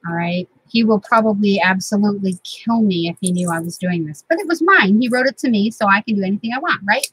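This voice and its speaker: A woman's voice: medium pitch, expressive, quick pace, a bit bright, a little hiss or hum, low-quality recording. A middle-aged woman, chatting casually and sentimentally as host of a crafting vlog from her home craft room.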